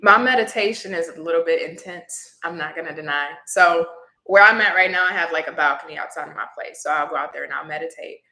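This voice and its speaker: Woman guest, reflective and emotional storyteller, bright tone, roomy echo. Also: low-pitched, fast. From Houston area. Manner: reflective, gets teary at times. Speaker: tarot reader guest.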